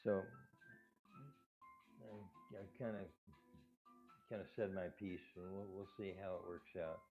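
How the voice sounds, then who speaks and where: An older man in his own home talks on at length, with restarts and little laughs, and his low voice whistles on the s sounds. The sound is thin and phone-like, and faint music plays behind him. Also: fairly even intonation, measured pace, gravelly. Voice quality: whistling sibilants without his dentures. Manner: rambling, with restarts and soft laughs. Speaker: cat rescue owner. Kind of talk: casual talk to camera.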